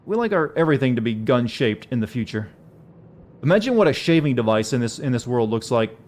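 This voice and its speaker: A man's voice: mid-range voice, fairly quick. A man from the southern US who chats casually with viewers as a streamer, rambling and using many fillers. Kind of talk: casual gameplay chat. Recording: steady background hiss.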